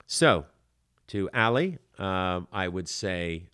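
Emphatic man with a low voice, dry sound. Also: measured pace, no room sound. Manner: animated, emphatic, frequent filler words. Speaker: acting coach podcast host. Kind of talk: podcast advice talk.

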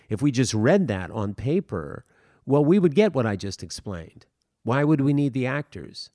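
Rambling man teaching acting, mellow voice. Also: medium pitch, dry recording, studio quality. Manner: rambling, full of fillers and restarts, paraphrases scene dialogue. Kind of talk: casual spoken lesson.

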